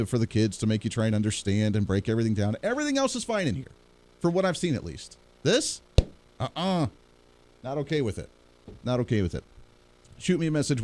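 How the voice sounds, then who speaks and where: A man's voice: mid-range voice, a little mellow. A man hosting a conservative radio talk show, giving sarcastic, indignant commentary.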